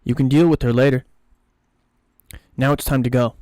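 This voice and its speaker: A man reading aloud and voicing a brash, foul-mouthed male crook who bullies his partner, loud and swearing. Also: mid-range voice, fairly even intonation, normal speed, dry recording, clean studio sound, lightly acted. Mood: loud, bossy.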